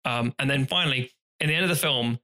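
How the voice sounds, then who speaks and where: Guy on a podcast ranting about a movie, bright tense voice, swears a lot, does little voices. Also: medium pitch, fast. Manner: animated, swearing, acts out scenes in silly voices. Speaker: podcast co-host. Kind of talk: casual film chat.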